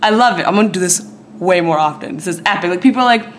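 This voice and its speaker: A woman's voice: on the low side, rapid-fire, a little hiss or hum. A young woman in her twenties talking to camera at home in a chatty, slangy daily vlog. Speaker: vlogger. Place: at home, indoors.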